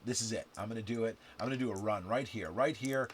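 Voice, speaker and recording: A man playing a dice game on camera, counting scores aloud and chatting to the viewer with sudden loud outbursts. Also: lowish voice, fast, husky. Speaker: game instructor. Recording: steady background noise with clicks and typing.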